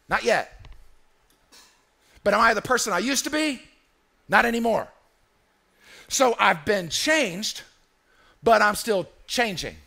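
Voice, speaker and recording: A man's voice: high voice, creaky, pushed and bright. A man preaching a sermon as pastor in a church, emphatic and repetitive, calling on the congregation to answer him.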